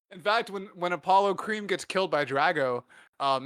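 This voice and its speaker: A man's voice: a little high, brisk, a bit bright, clear, resonant tone, dry recording, studio quality. A young man hosting a podcast, riffing crude comedy in a rambling, filler-heavy way. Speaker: podcast host.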